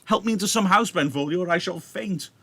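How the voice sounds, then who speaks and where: A man voicing a wounded young male swordsman, bitter and mocking, loud and cursing as he reads the scene aloud. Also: high voice, moderate pace, dry recording, voice pushed up. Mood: bitter, raging.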